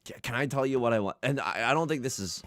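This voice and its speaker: A young man chatting casually while streaming a mahjong game, rambling and self-deprecating, with nervous asides and sudden loud outbursts. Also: mid-range voice, fast, soft background music. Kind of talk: casual livestream chat while playing mahjong.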